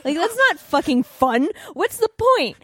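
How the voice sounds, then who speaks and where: A woman's voice: very high-pitched, big pitch swings, unhurried, fairly bright tone, dry recording, clean studio sound. A woman co-hosting a podcast, chatting casually in a blunt, sarcastic way and swearing freely. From Japanese heritage. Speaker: podcast co-host. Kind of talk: casual chat.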